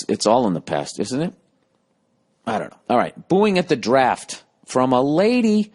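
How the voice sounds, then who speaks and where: A man's voice: medium pitch, very animated, normal speed, a little mellow, slightly rough. A man in his late forties hosting a podcast, rambling through a profane, self-mocking comedic rant. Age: 40s. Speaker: podcast host.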